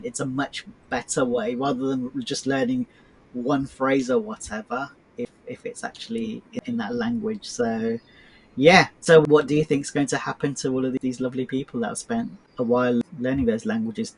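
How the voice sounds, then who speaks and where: A man's voice: mid-range voice, steady tone, a little fast, a little hiss or hum, rough recording. A man hosting a casual podcast chat, friendly and agreeable, passing the talk to his guests.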